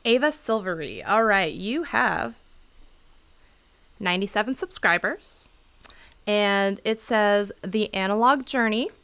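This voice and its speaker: A woman's voice: medium pitch, expressive, takes it slowly, pauses often, a bit bright, clean tone. A woman chatting casually on a livestream, giving channel advice in a bubbly, talkative way and laughing often. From Seattle area.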